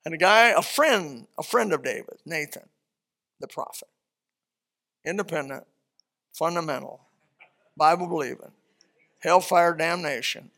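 A man preaching a sermon, retelling a Bible story in an animated, conversational way. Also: a little high, unhurried, vocal fry, pauses often.

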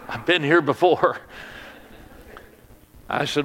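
A man preaching, telling a personal story in a sermon, stammering on restarts and sinking to a hush at the sad moments. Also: medium pitch, slow, pauses often, long reverb tail, slight background noise.

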